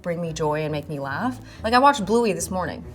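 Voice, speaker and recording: A woman's voice: fairly low pitch, lively intonation, a little fast, music in the background. An American woman in her twenties, a guest actor in a casual interview, chatty and rambling with many fillers and giggles. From United States.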